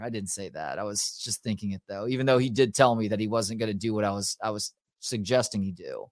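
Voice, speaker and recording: A man's voice: lowish voice, quick pace, hardly any pauses, no echo, studio quality. A man, co-hosting a casual sports talk show and animatedly retelling stories about his kids. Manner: storytelling, animated retelling of family anecdotes. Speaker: podcast co-host.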